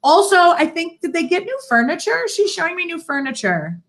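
A woman's voice: extremely high pitch, very animated, brisk, fairly bright tone. A middle-aged woman, a psychic medium, chatting in an interview, telling stories with lots of fillers and easy laughter. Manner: chatty storyteller, laughs easily, many fillers. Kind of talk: casual interview chat.

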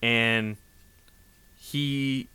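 Slow, bright-toned man recapping a story. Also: mid-range voice, smooth. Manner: rambling, animated, lots of "like" and "you know". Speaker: comic book recap host.

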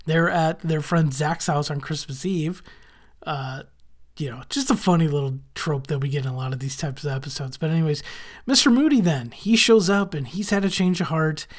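A man's voice: a little high, moderate pace. Chatty male podcast host recapping. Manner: chatty, wry asides with frequent "uh"s. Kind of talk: casual podcast episode recap.

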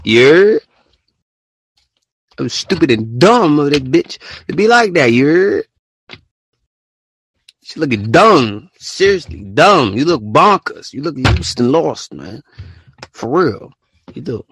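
A man rants casually to his listeners in heavy slang. His voice sits a bit high, with a gravelly, husky edge. It swings wildly up and down as he talks. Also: slow pace, pauses often. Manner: animated and slangy, often jumping into high mocking quotes.

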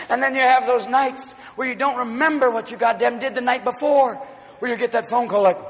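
A man doing a stand-up comedy routine, manic and loud, jumping between shouted voices. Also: very high-pitched, fairly even intonation. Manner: manic, shouting, quick voice switches. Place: comedy stage before a live audience. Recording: live hall recording with crowd noise.

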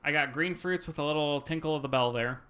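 Brisk guy keeping a tasting chat moving, slightly high voice. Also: pushed and bright, smooth. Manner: brisk, steers the others along. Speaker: tasting co-host. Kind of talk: casual chat.

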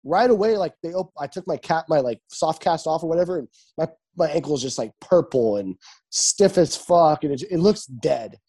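A man in casual chat, telling animated stories with lots of swearing and acted-out quotes. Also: a little high, normal speed. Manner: animated storytelling, swears a lot, acts out quotes.

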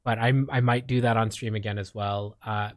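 A young man from the Philippines, who streams and co-hosts a podcast, chats casually and briskly in a lowish voice with little pitch movement. His talk meanders with lots of fillers and restarts. The recording is dry and studio quality.

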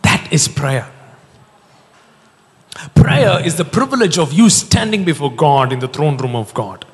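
Male preacher, fairly high voice, animated storytelling sermon in a reverberant hall. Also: unhurried, slightly rough. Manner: animated storytelling, jokes and laughs.

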